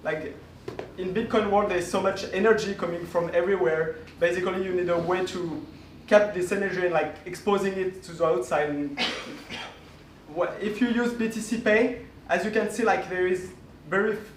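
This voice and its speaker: A man giving a conference talk, halting with many restarts and fillers as he explains his project. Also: sits high, steady tone, a little hiss or hum. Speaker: conference speaker. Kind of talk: conference presentation. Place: conference room. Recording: echoey room, voice from far off.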